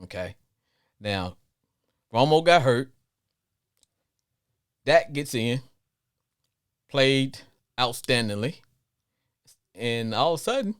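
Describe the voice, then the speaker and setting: A man's voice: slow, pauses often, clean tone. A middle-aged man hosting a live sports call-in show, rambling and repeating himself as he talks, with frequent chuckles. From Arkansas, with Louisiana family. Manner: rambling, repeats words, laughs often, lively swings in pitch. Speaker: podcast host.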